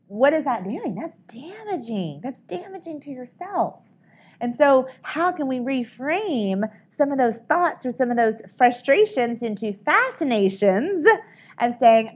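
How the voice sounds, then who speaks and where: Upbeat woman leading a training session, a touch high-pitched, keeps checking in with the room. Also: very animated, normal speed, muffled recording. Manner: upbeat, coaching, often asks "right?". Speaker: sales trainer.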